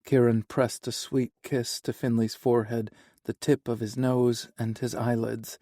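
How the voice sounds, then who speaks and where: A male audiobook narrator with a warm, mellow voice reads a novel in an even, unhurried way. The sound is dry and close, with no room echo. His pitch sits in an ordinary middle range. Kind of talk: scripted narration.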